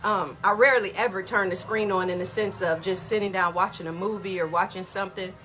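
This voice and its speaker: Bright-voiced woman, chatty and folksy. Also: mid-range voice, steady tone, a little fast. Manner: chatty, addresses listeners as y'all. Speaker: wellness podcast host. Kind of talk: casual motivational talk.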